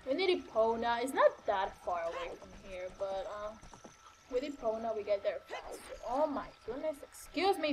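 A woman's voice: fairly high pitch, animated, normal speed, darkish tone, slight background noise. A young woman casually commenting while playing a video game, chatty and scattered, with lots of fillers and exclamations. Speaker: gaming channel host. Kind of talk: casual let's-play commentary. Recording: faint game music behind.

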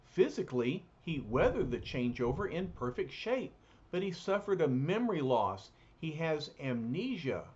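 A man voicing a calm, level-headed male scientist who gives quick reassuring commands, in a muffled lo-fi recording. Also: a little high. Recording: muffled lo-fi recording, faint hiss.

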